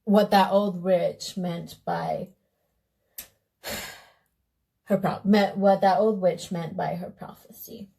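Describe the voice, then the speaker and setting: Brief: woman voicing wise old king from a fairy tale, slow musing delivery. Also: mid-range voice, steady tone, vocal fry, dark tone.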